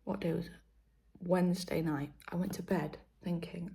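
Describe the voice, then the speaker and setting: A woman's voice: on the low side, little pitch movement, normal speed, vocal fry, dark tone. A young British woman chatting casually to camera in a vlog, rambling and correcting herself, sometimes dropping to a whisper. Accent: British English. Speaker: vlogger.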